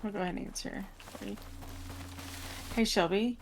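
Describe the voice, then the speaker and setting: A woman's voice: medium pitch, normal speed, background noise. A woman playing a co-op game with friends, making polite, somewhat hesitant requests in a casual chat. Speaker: player, co-op teammate. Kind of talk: casual chat while gaming.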